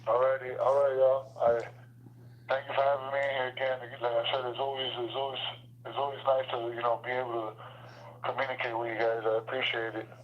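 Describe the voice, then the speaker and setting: A man joining a livestream as a guest, telling a story in a relaxed way and repeating phrases as he goes. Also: mid-range voice, a little fast. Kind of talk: casual storytelling. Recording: muffled call audio with faint hiss.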